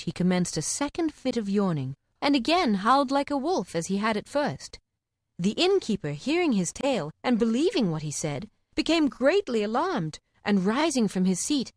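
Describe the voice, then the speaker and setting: A woman narrating an audiobook of fables with clear, expressive storytelling. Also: a little high, dry recording, clean studio sound.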